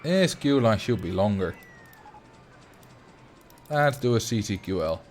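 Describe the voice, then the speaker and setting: A man with a Dutch accent chatting casually while he livestreams a game, rambling and thinking out loud at a desk mic. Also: lowish voice, expressive, a little slow, a little hiss or hum. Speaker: streamer.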